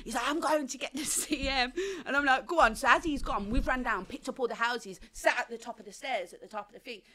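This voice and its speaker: A woman, telling her life story as a guest on an interview show in animated, slangy talk, acting out the people she quotes. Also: sits high, quick pace. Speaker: podcast guest.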